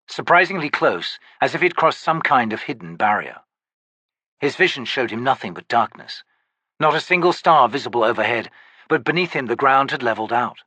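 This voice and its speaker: Husky, expressive male audiobook narrator. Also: medium pitch, no room sound. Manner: measured, expressive storytelling. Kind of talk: scripted fantasy narration.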